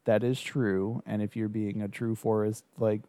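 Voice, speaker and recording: A man's voice: lowish voice, level tone, moderate pace, mellow, no room sound. Easygoing male podcast host, dry sound. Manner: easygoing, laughs often, asks questions. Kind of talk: casual brainstorming chat.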